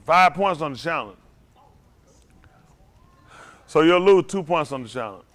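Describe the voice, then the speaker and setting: A man runs a lively trivia game and teases the players. His voice sits a little high and jumps even higher when he protests. He talks in a loose, joking way. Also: measured pace, no room sound. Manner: animated, jokey, rising to high exclaims. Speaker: quiz host. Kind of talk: casual trivia game hosting.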